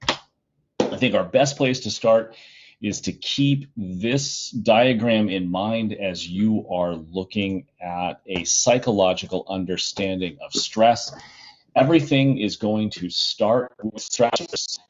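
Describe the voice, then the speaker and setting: A middle-aged male high school teacher giving a casual, chatty recorded lesson from home, with plenty of fillers. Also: slow pace, lo-fi sound.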